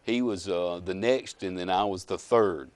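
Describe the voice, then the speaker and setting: Guy, lowish voice, lots of uhs, talking about his time in the statehouse, dry sound. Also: no echo. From Alabama. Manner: halting, with frequent uh fillers. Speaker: guest, former legislator and ordained minister. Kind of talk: casual interview chat.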